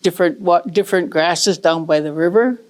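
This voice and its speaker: A woman voicing a gentle deer who softly explains what deer eat, in a told tale. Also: lowish voice, normal speed, close to an everyday voice. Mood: calm.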